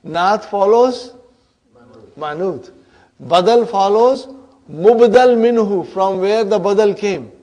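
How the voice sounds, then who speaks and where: A man's voice: sits high, takes it slowly, warm tone. A man teaching an Arabic grammar class, often checking in with "huh?" and "brothers and sisters".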